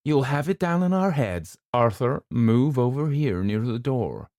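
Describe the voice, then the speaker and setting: A man's voice: mid-range voice, animated, a little slow, warm tone, no room sound, studio quality, voice pushed up. A man reading an audiobook voices a bossy, prim middle-aged woman with a haughty delivery.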